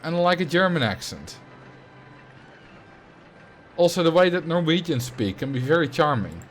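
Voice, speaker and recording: A man's voice: a little high, very animated, normal speed, a little hiss or hum. Musing Dutch-accented man on a livestream. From Netherlands. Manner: musing, conversational, thinking aloud. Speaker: streamer. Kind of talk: casual livestream chat.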